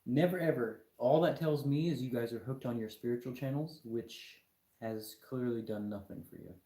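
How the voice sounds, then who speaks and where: A man's voice: mid-range voice, moderate pace, warm tone, roomy sound. A young man hosting a live stream, lecturing his chat viewers in an argumentative, mocking way. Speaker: livestream host.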